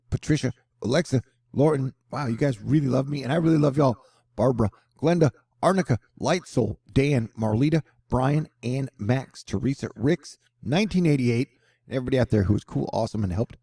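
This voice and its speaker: A man's voice: medium pitch, vocal fry, dark tone, husky, dry recording, studio quality. A middle-aged man hosting casual weather news commentary, rambling with playful jokes and asides. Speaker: host.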